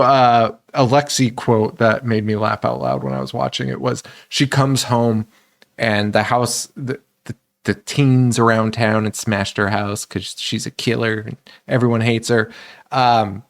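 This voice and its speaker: A man co-hosting a casual horror movie podcast, animated, laughing often and swearing freely. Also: mid-range voice, a little slow. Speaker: podcast co-host.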